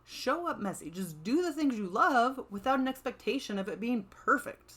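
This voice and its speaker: A woman hosting her own motivational podcast, her voice sitting a little high. She talks in a casual, upbeat way, full of "like" and "right?", and keeps nudging the listener to get going. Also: animated, moderate pace, fairly bright tone, slightly rough. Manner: upbeat, encouraging, chatty with frequent "right?" and "like". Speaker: podcast host. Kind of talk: motivational solo podcast talk.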